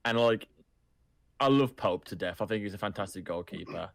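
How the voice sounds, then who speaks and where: A man's voice: fairly low pitch, normal speed, gravelly, no echo. A man co-hosting a casual football podcast over an online call, insistent and keen to move the talk along. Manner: insistent, keeps steering the talk on. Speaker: podcast co-host.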